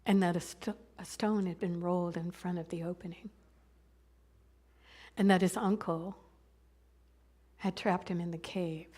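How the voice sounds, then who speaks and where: A woman minister telling a story in a sermon, in a halting, conversational way with many restarts. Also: lowish voice, steady tone, warm tone.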